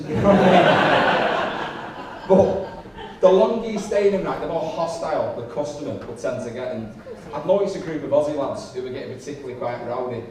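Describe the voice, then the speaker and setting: A young man running through a stand-up set, chatty and self-mocking, with swearing dropped in freely. His voice sits a little high, and the room is very echoey. He sounds distant from the mic, with steady background noise. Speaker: stand-up comedian. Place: comedy club with a live audience. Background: audience laughter.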